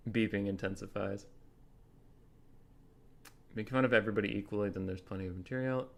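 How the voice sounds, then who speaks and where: A man's voice: on the low side, fairly quick, gravelly. A young man co-casting a game tournament, chatting casually, joking and laughing often. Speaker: co-caster.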